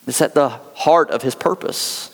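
A man's voice: fairly high pitch, moderate pace, vocal fry, in a large hall. An American man preaching a sermon as pastor, telling a story in earnest and reading scripture aloud. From United States.

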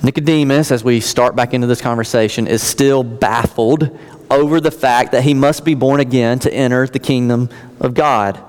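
Man, 30s, pastor, earnest sermon, scripture reading, medium pitch, echoing hall. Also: steady tone, moderate pace, a little mellow. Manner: earnest expository preaching, reads scripture aloud. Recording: long reverb of a large hall.

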